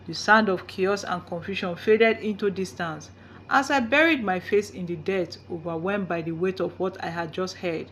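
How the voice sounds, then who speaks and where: A woman's voice: fairly low pitch, normal speed, a bit bright, slight background noise. A woman narrating a folktale in the first person, reading with drama. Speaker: storyteller.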